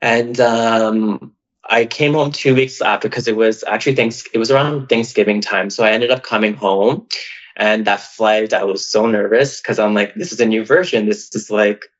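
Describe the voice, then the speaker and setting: A man from Canada with a lowish voice tells a personal story. He is chatty and emotional and keeps saying "like". The sound is dull and lo-fi. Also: steady tone, normal speed. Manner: chatty, heavy use of "like", emotional and open. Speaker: podcast guest. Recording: dull, lo-fi audio.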